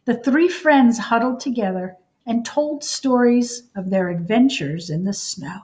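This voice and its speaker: A woman reading a children's storybook aloud in an expressive, unhurried way. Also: fairly high pitch. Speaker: storybook reader.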